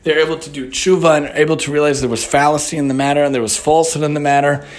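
Higher-voiced man giving a Torah lesson. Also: steady tone, racing. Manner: restates points in repeated parallel phrases; mixes Hebrew terms into English. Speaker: Torah teacher. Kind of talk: Torah lesson, spoken sermon.

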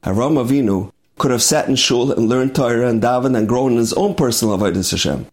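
A man's voice: medium pitch, fast talker. A man preaching a sermon and telling a story with emphatic, dramatic delivery.

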